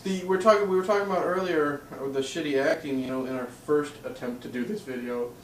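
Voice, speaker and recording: A man recaps a movie in casual conversation, his voice sitting a little high. He sounds set back from the mic in an echoey room, with a faint hiss underneath. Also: fairly even intonation, fast, distant mic. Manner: recapping with frequent laughs. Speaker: co-host. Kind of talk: casual movie review chat.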